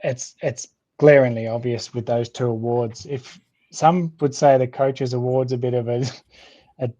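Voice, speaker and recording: An Australian man co-hosting a casual sports podcast, jokey and laughing often, with relaxed slang. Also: mid-range voice, measured pace. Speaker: podcast co-host. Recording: slightly dull lo-fi sound.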